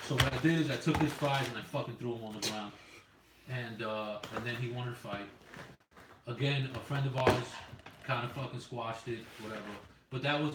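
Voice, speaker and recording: A man telling a profane, heated work story in casual podcast chat. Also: mid-range voice. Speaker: podcast co-host. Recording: roomy, distant mic with faint noise.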